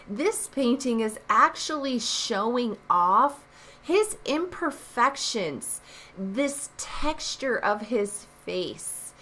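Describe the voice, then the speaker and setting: A woman teacher walks through a test review at an unhurried pace, her voice sitting in a middle register. She explains patiently and stresses key ideas with short, punchy repeated lines. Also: medium pitch, fairly bright tone. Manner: explanatory, leans on emphatic repeated phrases. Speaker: art teacher. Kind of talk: recorded test review lesson.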